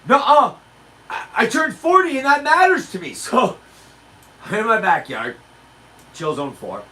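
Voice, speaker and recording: A man in his forties doing stand-up, telling animated stories with shouted punchlines. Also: sits high, unhurried, recorded from a distance, a little hiss or hum, low-quality recording. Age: 40s. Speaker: stand-up comedian. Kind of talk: livestreamed stand-up rehearsal.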